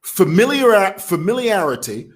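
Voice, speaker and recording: A man's voice: high-pitched, big pitch swings, a little slow. A man from Zambia with a Zambian accent, talking casually to camera as a vlogger who laughs while he talks. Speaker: vlogger commentator.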